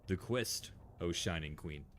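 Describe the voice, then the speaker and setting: A man's voice: low voice, a little slow, a bit bright, slight background noise. A man reading the lines of an earnest young squire on a quest, polite and deferential.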